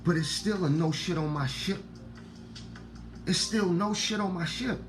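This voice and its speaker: Deep-voiced man, Black speech, preachy casual monologue, repeats and swears, faint music underneath. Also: measured pace. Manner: swings between loud outbursts and low murmurs. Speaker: online talk host.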